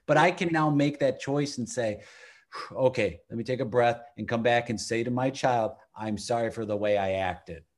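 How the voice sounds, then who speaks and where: A man's voice: medium pitch, normal speed. Reflective, earnest father chatting. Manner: reflective, earnest, laughs easily. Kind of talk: casual podcast chat.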